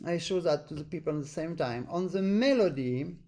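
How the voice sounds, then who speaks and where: A man with a notably high voice leads an online accordion master class. He is earnest and demonstrative, and he hammers points home by repeating them. He breaks into sung rhythm syllables to show a phrase. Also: lively intonation, brisk, warm tone. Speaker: accordion teacher. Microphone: online lesson stream.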